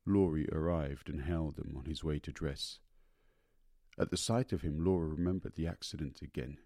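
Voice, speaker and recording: A man narrating an audiobook of a short story in a measured, unhurried manner. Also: rumbling low, steady tone, darkish tone, dry recording, studio quality.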